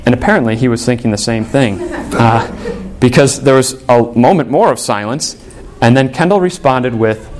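A man's voice: medium pitch, normal speed, a little mellow, a little hiss or hum. A male pastor giving a sermon in a conversational, storytelling way, acting out the voices of the people he quotes.

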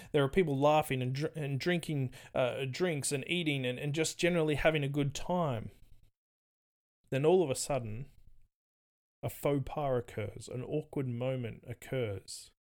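A man's voice: fairly high pitch, moderate pace. A man preaching a sermon, retelling a story vividly and rising to emphatic stress on key points.

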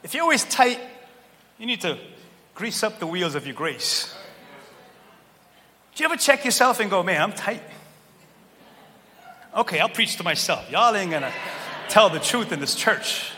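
A man preaching a sermon in a church, animated and joking, pulling the crowd in with questions. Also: high voice, a little slow, pauses often. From Cape Verdean heritage. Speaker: pastor. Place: large church hall. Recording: long church hall reverb, faint room noise.

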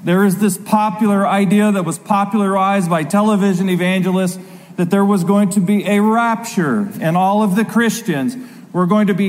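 A man preaching a sermon with a high voice. He reads scripture dramatically, leaning hard and slow on key words. His voice rings with the long reverb of a large hall. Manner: dramatic reading with slow emphatic stresses.

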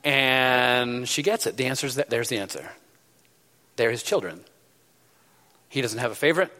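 A man's voice: medium pitch, moderate pace, sharp tone. A man preaching a sermon, telling a story in a loose, conversational way with many fillers. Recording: long hall reverb.

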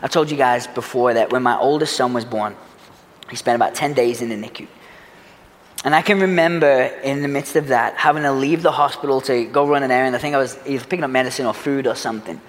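A man preaching a sermon as a pastor, earnest, swinging from loud urgency to hushed reflection. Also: mid-range voice, quick pace, long reverb tail. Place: church sanctuary.

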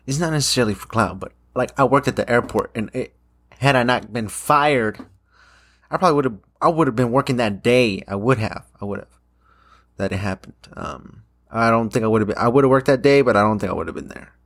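A man's voice: medium pitch, a little fast, fairly bright tone. Rambling, swearing young guy. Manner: rambling, swears a lot, many fillers and restarts. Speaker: vlogger. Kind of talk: casual rambling monologue.

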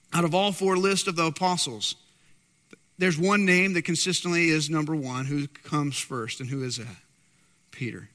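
A man's voice: sits high, sharp tone. A man preaching a sermon in an emphatic storytelling manner, repeating key words for weight, in a long echoing hall.

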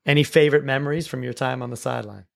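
Man, school sports show host, casual recap, stop-start phrasing, mid pitch, dry close sound. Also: very fast, vocal fry, dry recording. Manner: relaxed, with frequent restarts and repeated words.

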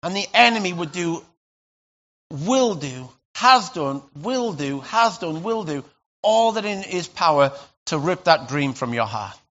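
A man preaching a sermon as pastor, conversational and animated, with sudden loud bursts. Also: fairly high pitch, measured pace, muffled recording.

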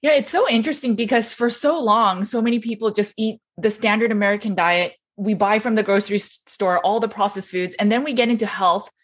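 A woman's voice: mid-range voice, brisk, hardly any pauses. A woman hosting a podcast interview, talking in a conversational, affirming way. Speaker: podcast host.

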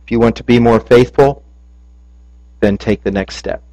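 A man, a pastor, preaching a sermon, telling a story and ending in soft, earnest prayer. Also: medium pitch, normal speed, poor audio.

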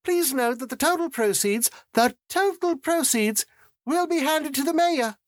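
A man's voice: animated, measured pace, no room sound, clean studio sound. A man putting on a cooing, scheming woman auctioneer. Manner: cooing, falsetto-pitched.

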